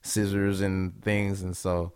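A man's voice: sits low, level tone, slow, darkish tone, smooth. A young man from Seattle, chatting casually as a podcast guest, rambling and laid-back with lots of filler words and frequent laughs.

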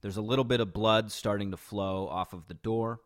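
A man's voice: on the low side, fairly even intonation, moderate pace. A man recounting a shocking street incident in a casual, conversational way, often restarting and adding "right?" asides. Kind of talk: personal storytelling.

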